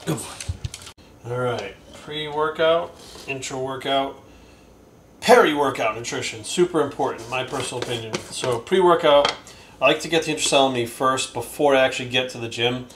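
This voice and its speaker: Young male vlogger, casual and cussing, average pitch, faint background hiss. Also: fairly quick. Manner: profane and excitable, talks baby talk to his dog. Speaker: bodybuilding coach and vlogger. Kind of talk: casual vlog chat.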